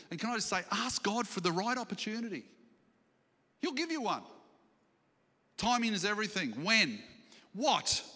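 A man preaching a sermon as senior pastor, animated and questioning the congregation, acting out scripture stories. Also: sits high. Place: church hall. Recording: church livestream with long hall reverb.

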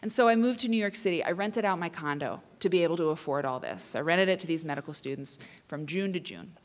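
A woman in her thirties telling a funny personal story live, chatty and self-deprecating with animated asides. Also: lowish voice, quick pace. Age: 30s. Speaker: writer and quilter performing for students.

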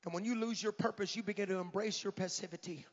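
A middle-aged man, an evangelist, preaching a fiery revival sermon in a large church, often shouting and counting down. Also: high voice, fairly even intonation, quick pace. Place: large church sanctuary at a conference. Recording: echoey church hall, dull lo-fi sound.

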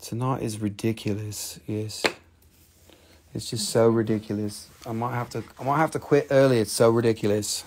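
A man from Appalachian Valley, USA hosts a casual live stream selling rocks and minerals, rambling, joking and swearing a lot. His voice is fairly low, steady and a little mellow, at normal speed, with slight background noise.

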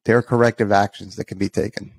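A man's voice: on the low side, steady tone, fast, vocal fry, husky, no room sound. A man co-hosting a podcast, telling an amused story in a rambling way, full of fillers. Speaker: podcast co-host. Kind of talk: casual podcast chat.

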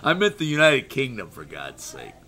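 A man's voice: medium pitch, huge pitch swings, moderate pace, sharp tone. A middle-aged American man hosting a live stream, rambling and joking as he reads viewer chat aloud in casual talk. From United States.

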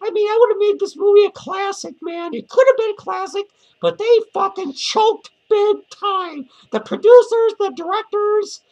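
A man's voice: very high-pitched, normal speed, few pauses, a little mellow, dull audio. A man voicing a lonely woman clown who reviews movies and rants with profanity, laughing between lines. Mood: annoyed ranting. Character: foul-mouthed lonely woman clown, ranting film critic. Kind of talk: comic character movie review rant.

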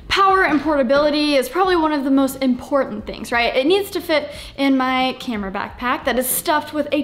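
A guest creator, a woman talking casually to camera, emphatic and repeating points for comic effect. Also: high-pitched.

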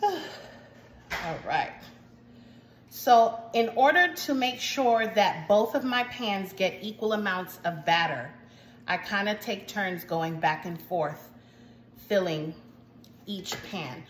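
A woman's voice: mid-range voice, takes it slowly, a little hiss or hum. A woman hosting a cooking channel, casually talking viewers through each baking step in a chatty way from her home kitchen. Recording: echoey room, faint ambience.

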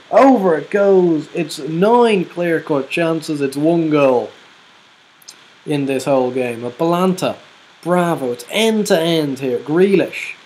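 Woman, lowish voice, unhurried play-by-play that erupts at chances; gaming host. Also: lively intonation, a little mellow. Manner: exclaims player names, groans and laughs at misses. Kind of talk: excited football game commentary.

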